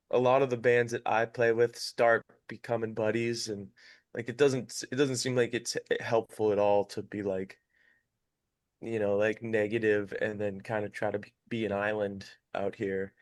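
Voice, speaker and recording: A man's voice: on the low side, no echo, studio quality. A young man, a musician, answering casually and hesitantly with many fillers. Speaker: musician guest. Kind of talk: casual chat.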